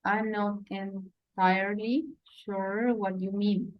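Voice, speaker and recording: Slow hesitant woman student, dull sound. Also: medium pitch, steady tone. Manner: hesitant reading with fillers.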